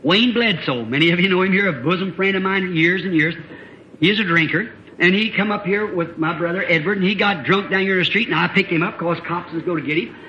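A man preacher telling a story in a folksy, plain-spoken sermon that builds to shouts, on a dull lo-fi old tape. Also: high voice, fast, a little hiss or hum.

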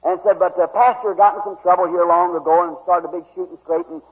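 A man's voice: sits high, steady tone, quick pace. A man preaching a sermon, telling a folksy story and voicing the people in it. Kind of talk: sermon testimony. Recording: tinny old lo-fi recording, hall reverb.

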